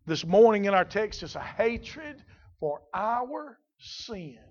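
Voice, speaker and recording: A male preacher with a high voice delivers a sermon, shifting from calm, quiet explanation to loud, slow, shouted passages. The recording sounds muffled and dull. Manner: swings from quiet teaching to shouted, drawn-out exclamations.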